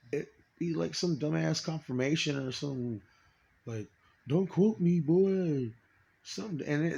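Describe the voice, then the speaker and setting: A man in a rambling personal monologue, swearing often, stopping and restarting, and trailing off quietly. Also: a little high, creaky. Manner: profane, halting, trails off quietly.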